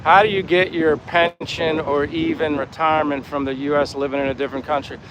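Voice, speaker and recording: This vlogger talks a little fast in a slightly high, flat voice. He's a Pennsylvania man in his fifties, hosting a live stream by the sea in a town and cheerfully rambling as he reads out what viewers write, with wind on the mic and faint breeze, street, and boat sounds behind him.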